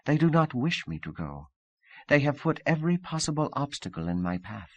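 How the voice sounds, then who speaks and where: A proud, imperious young woman speaks in careful, formal phrases, her voice raised well above the reader's own low register, as a man puts her on. She is close and dry, with no room around her. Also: sing-song, moderate pace, no echo. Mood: indignant.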